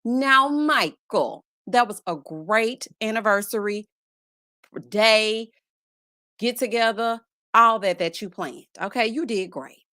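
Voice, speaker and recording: A woman hosts a casual live stream in a fairly high voice, chatty and sassy. She greets viewers one by one and drops playful asides. The sound is dry and close, with no room echo. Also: lively intonation, slow, sharp tone. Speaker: livestream host.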